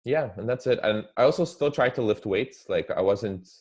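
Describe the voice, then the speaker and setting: Deep-voiced young man, loose filler-heavy chat. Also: moderate pace. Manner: relaxed, heavy use of "like" fillers. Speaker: guest. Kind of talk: casual chat.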